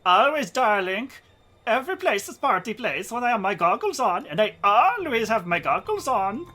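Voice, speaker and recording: A man's voice: high voice, sing-song, normal speed, sharp tone, pitched above the performer's own voice, heavily acted. A man voicing a flamboyant party-loving German man with a put-on, exaggerated German accent. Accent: put-on bad German accent.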